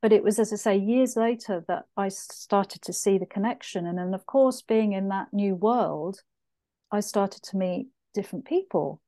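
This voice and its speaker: A middle-aged woman tells her own story as an interview guest, earnest and reflective, sometimes acting out her past thoughts. Her voice is dark and mellow, and the recording sounds dry and close. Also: medium pitch, normal speed, no room sound.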